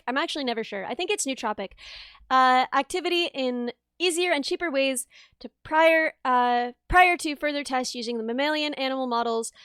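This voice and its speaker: A woman's voice: high voice, fairly bright tone, no room sound, clean studio sound. A young woman chatting casually on a live stream from her bedroom, giggling often and reading out viewer messages. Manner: giggly, chatty, reads chat aloud. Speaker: livestreamer.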